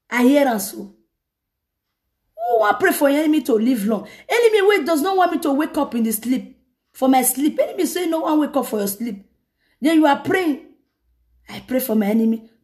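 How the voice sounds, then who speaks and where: A woman evangelist, preaching in an animated way and breaking into laughter often. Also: sits high. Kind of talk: sermon.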